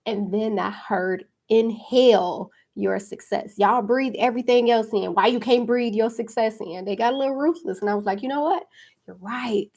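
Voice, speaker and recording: A woman's voice: on the high side, a little fast, hardly any pauses, darkish tone. A woman hosting a podcast, talking casually and chattily about spirituality and card readings, with frequent fillers. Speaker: podcast host and card reader.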